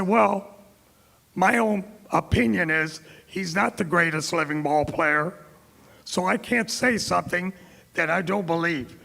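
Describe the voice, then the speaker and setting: A man's voice: on the high side, gravelly, sharp tone. A middle-aged man from Florida giving a keynote speech, telling anecdotes and acting out the dialogue of the people in them. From Tampa, Florida. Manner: anecdotal, quotes others in dialogue. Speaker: keynote speaker. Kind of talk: storytelling speech. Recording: reverberant hall.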